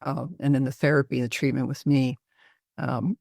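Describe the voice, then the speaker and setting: A woman's voice: rumbling low, steady tone, normal speed, vocal fry, darkish tone, no echo, clean studio sound. A woman psychiatrist recounting a patient case, reflective, with frequent fillers.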